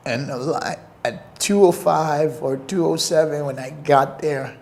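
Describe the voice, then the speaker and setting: A young man telling a personal story in an interview, earnest and emotional, with halting pauses. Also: a little high, creaky, darkish tone.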